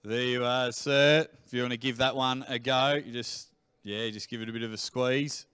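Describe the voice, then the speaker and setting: Emceeing a press conference, this man builds hype as he introduces fighters and their matchups. His mid-range voice is steady, smooth, and a bit bright, at a normal speed.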